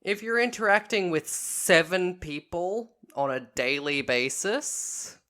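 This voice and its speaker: A woman's voice: fairly low pitch, lively intonation, takes it slowly, fairly bright tone. A woman co-hosting a podcast, telling a history story point by point in a casual way and correcting herself as she goes. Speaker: podcast co-host.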